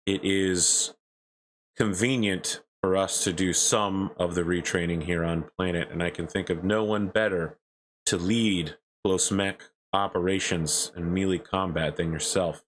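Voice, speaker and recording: A man voicing a female military commander who speaks in a measured, formal way. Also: low-pitched, steady tone, a little hiss or hum, poor audio.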